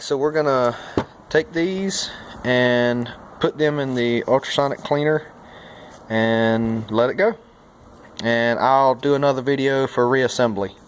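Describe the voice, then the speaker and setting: A man's voice: mid-range voice, a little hiss or hum. A man talking through a repair step by step in a casual, folksy way, with many fillers. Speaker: mechanic and channel host. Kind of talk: hands-on repair tutorial.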